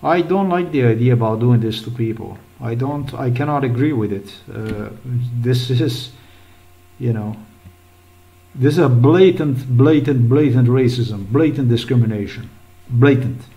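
Man, middle-pitched, agitated rambling vlog commentary with frequent swearing. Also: unhurried, highs cut off. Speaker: vlogger. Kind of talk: rambling screen-recorded commentary.

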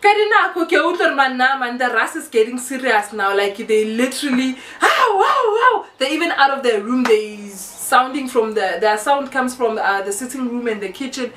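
A young South African woman with a South African accent, telling a casual story-time tale with lively, animated delivery and mixing in local words. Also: fairly high pitch, moderate pace, hardly any pauses, distant mic, slight background noise. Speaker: YouTuber. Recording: echoey room, a bit off-mic.

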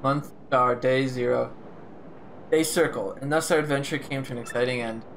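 A man's voice: medium pitch, fairly even intonation, normal speed, gravelly, music in the background, close to an everyday voice, low-quality recording. A man voicing a pompous, vain male sailor adventurer from a video game in a grandiose, self-praising way.

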